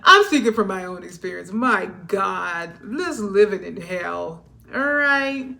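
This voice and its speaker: A woman giving a casual tarot reading, talking animatedly with laughing asides and swinging between low mutters and loud exclamations. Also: animated, unhurried, creaky. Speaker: tarot reader. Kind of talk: casual spiritual reading monologue.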